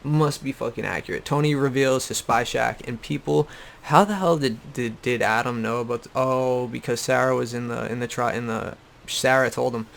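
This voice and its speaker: Young man, gravelly voice, blunt profane rambling recap, faint hiss behind. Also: medium pitch, fairly even intonation, moderate pace, fairly bright tone. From Boston area. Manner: profane, blunt, repeats himself. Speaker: YouTube recap host. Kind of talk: casual rant-style show recap. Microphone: desktop USB microphone.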